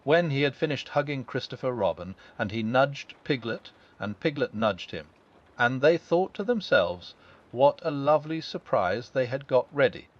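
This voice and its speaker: Soft-spoken man reading a bedtime story. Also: mid-range voice, lively intonation, moderate pace. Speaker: audiobook narrator. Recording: dull lo-fi sound.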